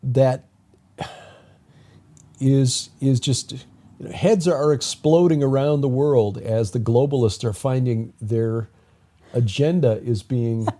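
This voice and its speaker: A man's voice: medium pitch, slow, pauses often, mellow. Rambling man co-hosting a talk show. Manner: rambling, with frequent restarts. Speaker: podcast co-host. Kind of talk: casual conversational commentary.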